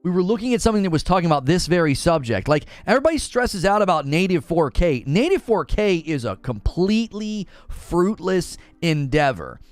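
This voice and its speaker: A man hosting a casual gaming livestream, talking in an animated, exasperated rant to his chat. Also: high-pitched, brisk, few pauses, dry recording.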